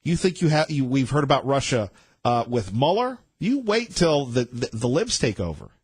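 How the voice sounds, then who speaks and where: A man's voice: medium pitch, very animated, moderate pace, breathy edge, no room sound. A male talk radio host in a studio, delivering an emphatic, rambling monologue with many restarts.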